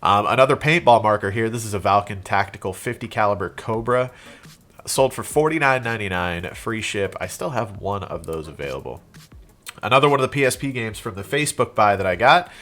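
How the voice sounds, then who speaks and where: A man's voice: lowish voice, expressive, a little fast, a bit bright. A congested young man with a cold, rambling casually through a show-and-tell about things he resold, with plenty of fillers and restarts. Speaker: reseller vlogger.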